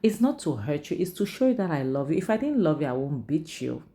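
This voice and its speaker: Woman recapping, voicing abusive young husband, coaxing and soothing, warm low voice. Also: very animated, brisk. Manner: coaxing, soothing, repetitive reassurance.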